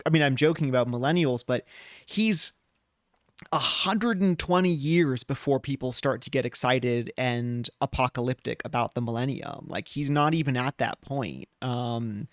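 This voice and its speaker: Brief: male podcast co-host, smooth and resonant, dry close mic, lively casual chat. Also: medium pitch, normal speed, no echo. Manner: animated, playful when paraphrasing old texts.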